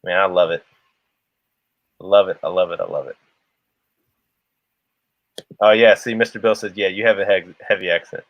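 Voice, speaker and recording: Low-voiced guy rambling on a livestream, dull lo-fi dry sound. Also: normal speed, long pauses, no echo. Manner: rambling, laughs often, restarts a lot. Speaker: livestream co-host. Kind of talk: casual livestream chat.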